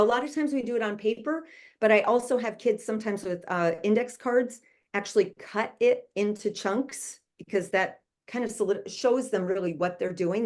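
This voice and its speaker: A woman's voice: medium pitch, a little mellow. Patient woman explaining spelling steps. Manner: patient, explains step by step with fillers. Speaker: literacy tutor. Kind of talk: instructional explanation.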